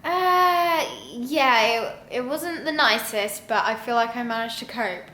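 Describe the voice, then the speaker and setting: A woman giving short, calm answers in casual family talk. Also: a little high, unhurried, roomy sound. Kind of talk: casual reply.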